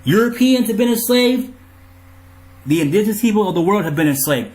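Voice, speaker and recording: A man's voice: high voice, expressive, fairly quick, darkish tone. A man in an angry monologue to his viewers, riled up, profane and ranting. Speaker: vlogger.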